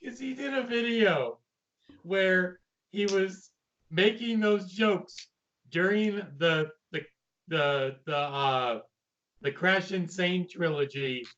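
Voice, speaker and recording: Slow, halting young man on a dull mic. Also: high voice, a bit bright. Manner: slow, halting, stumbling over words. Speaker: podcast co-host. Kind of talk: casual review chat.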